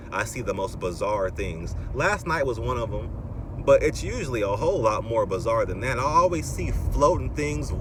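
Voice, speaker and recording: A man in his thirties ranting in a rambling monologue while driving, his voice rising into exasperated outbursts. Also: mid-range voice. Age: 30s. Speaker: vlogger. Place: in a car, driving. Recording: car road noise in background.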